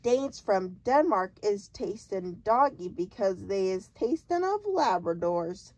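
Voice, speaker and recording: BFG, woman doing a booming giant. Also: sing-song, takes it slowly, darkish tone. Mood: earnest. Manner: jumbled grammar, booming and emphatic. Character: big friendly male giant, muddled, kindly.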